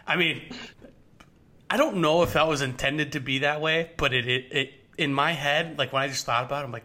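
A man's voice: mid-range voice, normal speed, sharp tone. A young man co-hosting a sports podcast, chatting casually and rambling with many restarts. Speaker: podcast co-host.

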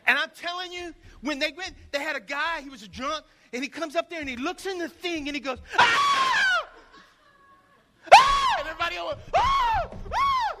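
A pastor preaching a sermon, telling stories in an animated way and acting out the voices of the people in them. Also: male voice, very high voice, quick pace, few pauses, shouting, in a large hall, noisy background.

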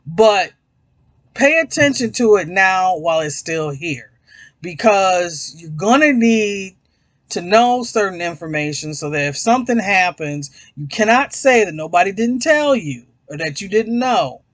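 A man's voice: sits high, lively intonation, a little slow, fairly bright tone, dry recording. A man hosting his own podcast, talking in a rambling, casual way, swearing freely and addressing listeners as y'all. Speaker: podcast host. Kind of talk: casual chat.

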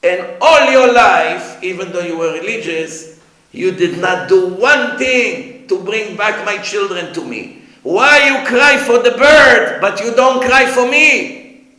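A man's voice: high voice, unhurried, sharp tone. A man voicing a stern accusing God. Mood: reproachful. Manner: accusing rhetorical questions, rising intensity. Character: God, stern reproachful male judge. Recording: roomy echo.

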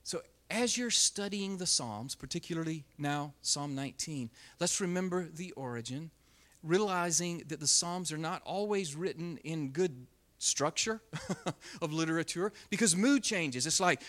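This is a male Bible teacher with a high, expressive voice. He alternates between loud, punchy emphasis and a hushed near-whisper, deliberately speeding up and slowing down.

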